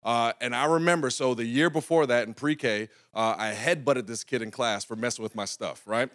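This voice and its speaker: A man's voice: mid-range voice, normal speed, a bit bright. Conversational preacher man telling a story. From North Carolina. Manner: conversational preaching, often asks "right?" to the congregation. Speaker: pastor. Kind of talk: sermon storytelling.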